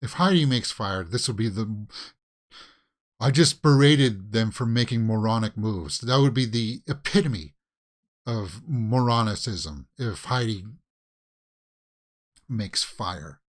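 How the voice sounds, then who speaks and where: Now fairly low-pitched and slow, with long pauses, the Canadian-accented host of a casual watch-along reaction still pleads and vents exasperation at the screen.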